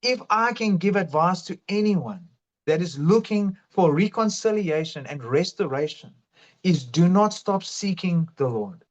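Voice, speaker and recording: A man's voice: high-pitched, lively intonation, unhurried. A man telling his faith testimony in an earnest, fervent way. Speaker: guest sharing testimony. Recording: dull lo-fi sound.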